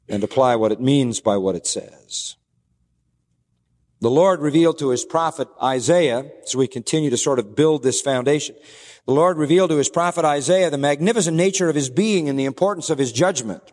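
A man preaching a sermon in a measured, deliberate way, slowing down for emphatic phrases and reading scripture aloud. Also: on the high side, animated, darkish tone. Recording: long hall reverb.

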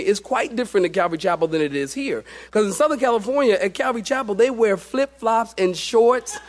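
Middle-aged male pastor, high voice, animated sermon storytelling, loud bursts and hushed asides. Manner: animated storytelling, swinging between loud excitement and hushed tones.

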